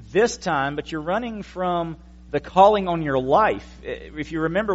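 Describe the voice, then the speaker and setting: Guy pastor teaching a sermon, chatty with little side jokes to the crowd, voice sits kinda high, muffled lo-fi sound. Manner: conversational teaching with wry asides to the congregation. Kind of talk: explanatory evening sermon.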